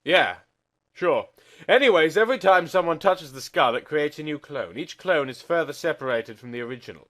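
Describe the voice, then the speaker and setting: Give me a man playing a condescending detective, loud and a bit high. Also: lively intonation, normal speed. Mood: lecturing. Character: smug know-it-all male detective.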